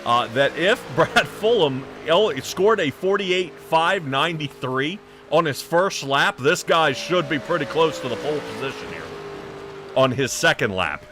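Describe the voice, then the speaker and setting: A man's voice: a little high, lively intonation, measured pace, noisy background. A man doing casual, chatty play-by-play for a sim racing broadcast, often trailing off and laughing.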